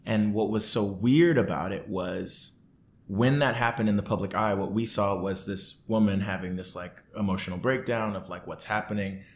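A man telling a story in a casual interview, acting out what people said in raised, lively voices. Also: fairly low pitch, moderate pace, slight background noise. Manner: animated, acts out quotes in raised voices. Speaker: podcast guest.

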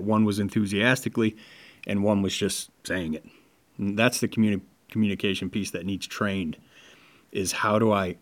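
A man co-hosting a casual sales-training podcast, who talks animatedly and acts out sales pitches. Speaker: podcast co-host.

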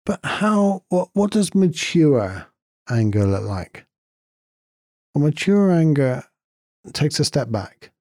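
Man, reflective talk, earnest storytelling, mellow tone, dry close sound. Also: fairly high pitch, very animated, slow pace, pauses often, dry recording. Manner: storytelling, earnest, repeats points for emphasis.

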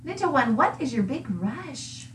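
A woman's voice: high-pitched, big pitch swings, measured pace. A woman playing a tabletop game in character, teasing and playful. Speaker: player. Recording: distant echoey room with noise.

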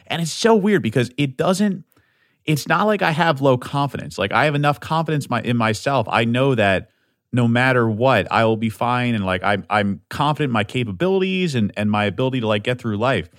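A man talks through a solo podcast in a loose, profane ramble, laughing at himself as he goes. His mid-pitched voice leaps up and down, jumping from loud outbursts to low mumbles. The sound is dry and close. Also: fairly quick, no echo. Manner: rambling, profane, self-deprecating; animated, swings between loud outbursts and mumbling. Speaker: podcast host.

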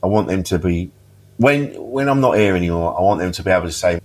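A man's voice: deep voice, expressive, quick pace. A man, a podcast guest telling funny stories in casual chat, laughing often and swearing freely. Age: 50s. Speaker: interview guest.

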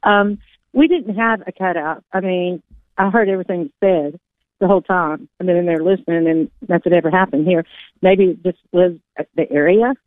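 A woman from Georgia with a Southern accent, calling into a radio show and chatting in a fast, laughing way. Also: fairly low pitch, steady tone, no echo. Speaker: radio caller. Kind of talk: casual phone-in chat. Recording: tinny phone line.

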